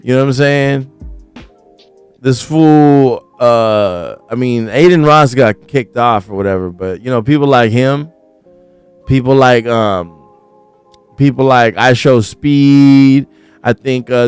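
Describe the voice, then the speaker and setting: A man hosting a casual news commentary livestream, talking in profane, slangy rants that get animated when he is worked up. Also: mid-range voice, takes it slowly, smooth, faint music behind. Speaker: host.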